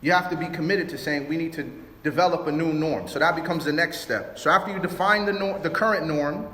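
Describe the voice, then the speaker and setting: A man from Chicago giving a relationship talk, animated, acting out both sides of arguments in his stories. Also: fairly high pitch, fairly quick. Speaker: youth speaker. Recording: roomy hall reverb.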